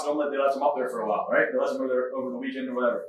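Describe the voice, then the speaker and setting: A man's voice: medium pitch, steady tone, very fast, hardly any pauses. A man hosting a podcast, preaching a casual spoken sermon with fervor, tossing in "man", "right?" and "come on". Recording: very echoey room, mic far off.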